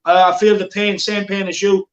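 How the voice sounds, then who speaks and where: A man's voice: sits high, level tone, moderate pace, echoey room, rough recording. A man hosting a live football watchalong, chatting casually and reading out viewer comments. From Ireland. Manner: chatty, reads viewer comments, banter with co-host. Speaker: watchalong host.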